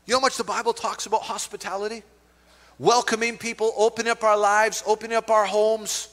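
A middle-aged man preaching as a pastor, conversational and animated, telling stories with asides to the congregation. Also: high voice, quick pace. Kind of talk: sermon. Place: church hall. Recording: long reverb of a church hall.

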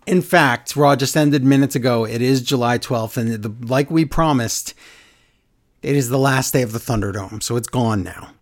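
Joking man hosting a podcast. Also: medium pitch. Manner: joking, teasing, quick back-and-forth. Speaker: podcast host. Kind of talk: casual podcast banter.

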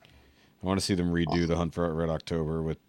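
Deep-voiced wry male co-host. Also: level tone, brisk, a little mellow, clean tone, no room sound. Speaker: podcast co-host. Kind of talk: casual podcast chat.

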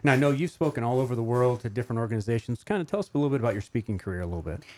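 A man's voice: medium pitch, expressive, very fast, darkish tone, slight background noise. A man hosting a podcast in casual chat, chatty, with lots of fillers. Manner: chatty, filler-heavy, laughs easily. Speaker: podcast host.

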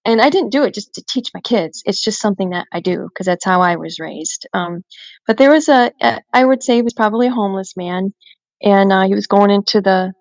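A woman's voice: mid-range voice, a little mellow, no room sound, poor audio. A woman co-hosting a casual podcast chat, telling everyday stories with frequent restarts and "you know".

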